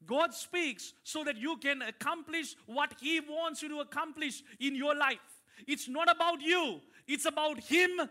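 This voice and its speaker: Bright, high-voiced man preaching a sermon. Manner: animated preaching with rising emphasis and audience call-and-response. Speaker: pastor. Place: church.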